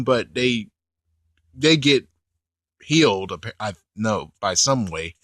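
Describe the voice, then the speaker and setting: Speaking slowly in a mid-range voice with no echo, a man gives casual commentary on an anime episode. He's animated and rambling, often stopping to correct himself mid-sentence.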